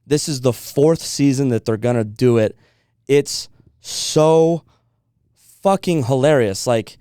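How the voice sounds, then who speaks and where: Casting: young male podcast co-host, smooth resonant voice, dry close sound, animated and quick to laugh. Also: mid-range voice, dry recording. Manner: animated storytelling, laughs often, swears casually. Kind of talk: casual chat.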